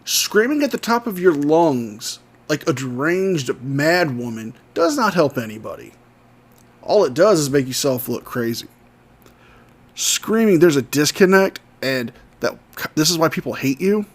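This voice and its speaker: A man's voice: fairly high pitch, big pitch swings, normal speed. A man giving scornful, sarcastic commentary over video clips. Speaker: commentary host.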